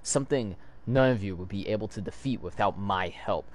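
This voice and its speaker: A man's voice: fairly low pitch, brisk, voice pushed down, natural voice. A man reading as a grave thunder god. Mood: solemn. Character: solemn, memory-lost male thunder god. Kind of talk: comic read aloud.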